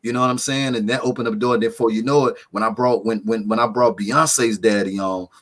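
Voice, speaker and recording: Animated man telling a story. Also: fairly low pitch, fast. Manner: animated, full of slang and repeated "man". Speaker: podcast host, guest. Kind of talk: casual storytelling in an interview.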